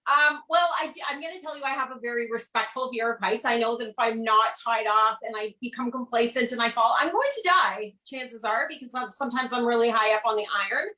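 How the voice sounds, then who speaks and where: A woman's voice: on the high side, fast, few pauses, pushed and bright. A woman ironworker who is a guest on a video-call interview, talking enthusiastically and laughing often. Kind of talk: casual interview over video. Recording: roomy echo.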